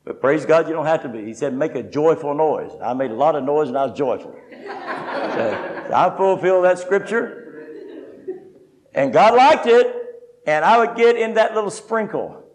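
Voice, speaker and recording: On a low-quality recording, an older man with an expressive voice on the high side delivers a sermon at a moderate pace. Folksy and humorous, he weaves his own story into the teaching as testimony.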